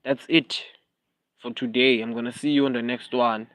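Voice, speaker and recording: A man's voice: medium pitch, fairly even intonation, moderate pace, a bit bright, no echo. Heated South African man ranting on a livestream. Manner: heated, repetitive, slips into Zulu phrases. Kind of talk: casual live-stream rant.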